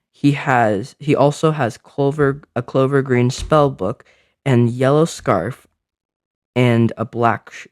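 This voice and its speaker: Slow-spoken man narrating a story. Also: medium pitch, no room sound, clean studio sound. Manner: slow, descriptive, with small slips. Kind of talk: storytelling narration of a fantasy adventure.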